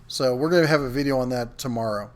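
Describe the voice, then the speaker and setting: A man's voice: medium pitch, fast talker. A middle-aged man hosting a live tool show, chatting casually and reading viewer comments aloud with frequent ums. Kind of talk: casual livestream chat.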